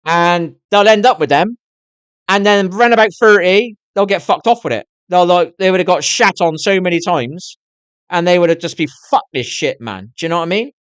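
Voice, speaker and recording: Man, middle-aged, live streamer, raised pitch, bone-dry room, foul-mouthed, rambling, candid. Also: fairly quick, smooth, no echo. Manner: swears constantly, rambling and candid. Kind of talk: casual rambling chat to viewers.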